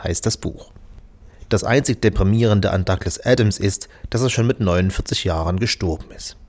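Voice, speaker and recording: A man's voice: fairly low pitch, a little mellow. Dry, ironic male book reviewer.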